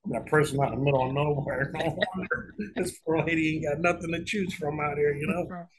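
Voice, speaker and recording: A man's voice: a little high, steady tone, fairly quick, a crowd in the background, poor audio. A middle-aged man telling a long story in a casual interview, rambling and profane, with frequent restarts and repeated words. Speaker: guest author.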